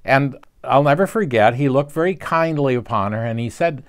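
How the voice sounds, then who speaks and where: A man tells a story in a short devotional talk. His voice sits at an ordinary middle pitch, and his delivery is earnest and gently preaching as he leads toward the lesson. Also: lively intonation, moderate pace, hardly any pauses, smooth.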